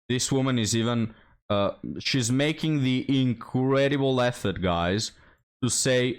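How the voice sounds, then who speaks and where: A young commentary host speaks in a mid-range, clean-toned voice at a slightly slow pace. He reacts with sarcasm and mockery, addressing his viewers directly.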